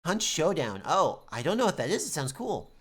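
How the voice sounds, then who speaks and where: Lively chatty woman streaming a game. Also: low voice, moderate pace, breathy edge. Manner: chatty, self-deprecating, swears. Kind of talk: casual gaming livestream, reading lines aloud. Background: game music.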